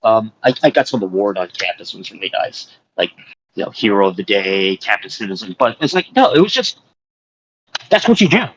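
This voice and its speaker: A man's voice: fairly low pitch, very animated, fairly quick, fairly bright tone, highs cut off, a little hiss or hum. A man telling stories in casual chat on a live stream, rambling with lots of fillers. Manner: rambling storytelling with many fillers.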